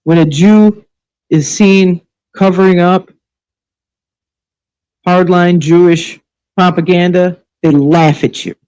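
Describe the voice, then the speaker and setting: A woman's voice: on the low side, steady tone, slow pace, pauses often, warm tone, smooth, low-quality recording. A woman hosting a live stream, delivering an angry, sarcastic, profanity-laced rant full of scolding rhetorical questions. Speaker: livestream show host. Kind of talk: ranting live commentary.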